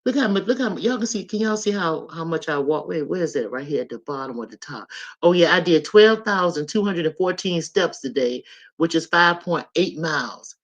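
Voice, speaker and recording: Hosting a live stream, this woman in her sixties talks straight to her audience in a relaxed, animated way, frequently breaking into laughter. Her voice is low and she speaks a little fast.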